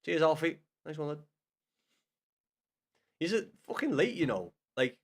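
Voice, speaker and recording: Sweary lad streaming. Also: male voice, fairly high pitch, sing-song, measured pace, pauses often, breathy edge. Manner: swears a lot, banters loudly with chat. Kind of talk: casual live-stream chat with viewers.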